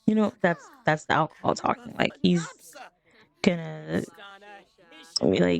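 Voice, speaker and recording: A woman's voice: deep voice, lively intonation, a little slow, vocal fry, long pauses, dull audio. A woman casually commenting on her life-sim game as she plays, rambling and laughing between remarks. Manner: chatty, rambling, laughing asides. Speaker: let's play streamer.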